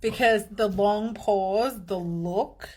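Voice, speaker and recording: A woman's voice: medium pitch, slow, darkish tone. Indignant woman in a video rant. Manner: indignant and impassioned. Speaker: social media creator. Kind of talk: social media video rant.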